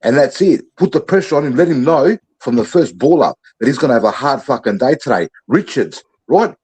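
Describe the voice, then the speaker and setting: An Australian podcast panelist rants in heated sports chat, fired up and profane, ordering how the team should play like a coach. His voice is medium-pitched, expressive, a little fast, darkish and slightly rough, on a rough recording.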